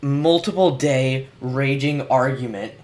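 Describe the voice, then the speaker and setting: A man hosting a casual chat, rambling excitedly with lots of restarts and fillers. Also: medium pitch, slow. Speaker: podcast host reacting to a video.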